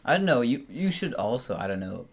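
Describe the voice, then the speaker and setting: A man's voice: medium pitch, sing-song, brisk, vocal fry, breathy edge. A man co-hosting a casual film discussion, rambling with lots of fillers and restarts. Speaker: film podcast co-host.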